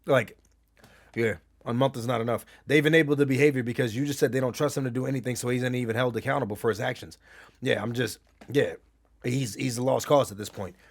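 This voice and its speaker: A man's voice: medium pitch, fairly even intonation, fast. A man streaming, telling blunt, profane stories and answering his chat in heated casual talk. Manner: reads and answers chat messages. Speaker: gaming streamer.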